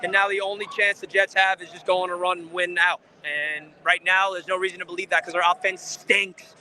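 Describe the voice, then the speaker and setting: A man's voice: high-pitched, little pitch movement, a little fast, sharp tone, slight background noise. A man hosting a fan channel, giving an angry, frustrated live post-game rant outside a stadium, swearing often.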